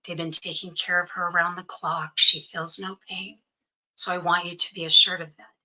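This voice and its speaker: A woman, a guest in an interview, telling a personal story and acting out the voices of the people in it, often dropping to a hush. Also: lowish voice, little pitch movement, normal speed, low-quality recording. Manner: acts out quoted voices, often drops to hushed tones.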